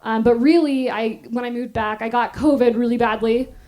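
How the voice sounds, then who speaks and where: A woman stand-up comedian telling a story on stage, animated and self-deprecating, laughing often. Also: on the high side, normal speed. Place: live stage.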